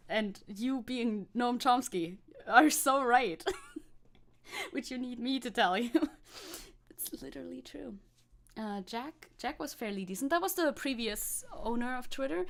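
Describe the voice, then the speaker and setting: A woman's voice: a little high, animated, unhurried, vocal fry. A young woman streaming as a VTuber, chatting casually, reacting to chat, swearing and laughing often.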